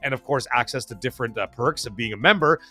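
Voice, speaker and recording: A man hosting a live stream and reading out the chat. He talks fast and rambles, with lots of fillers and restarts. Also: medium pitch, pushed and bright, faint music behind. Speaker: livestream host reading chat.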